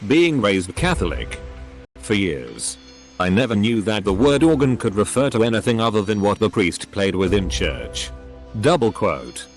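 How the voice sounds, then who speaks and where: A man's voice: fairly low pitch, very animated, normal speed. A man reading forum posts aloud, speaking punctuation marks as words. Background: faint background music.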